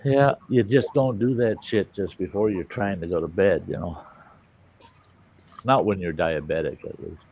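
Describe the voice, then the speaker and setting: Deep-voiced man telling rambling stories. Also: moderate pace. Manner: rambling storyteller, salty, acts out quotes. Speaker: host. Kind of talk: casual livestream chat. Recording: dull lo-fi stream audio with faint hiss.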